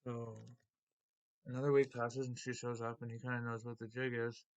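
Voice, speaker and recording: A man's voice: mid-range voice, level tone, moderate pace. Rambling man recapping comics casually. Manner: rambling, loose retelling with many "like" and "uh". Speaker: comic book video host. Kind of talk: casual story recap and unboxing.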